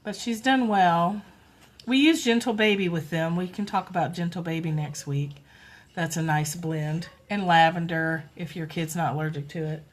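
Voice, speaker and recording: A woman's voice: on the low side, steady tone, normal speed. Chatty woman on a phone livestream. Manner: chatty, soft, coos to toddlers. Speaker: livestream host. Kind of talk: casual livestream chat. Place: home with toddlers.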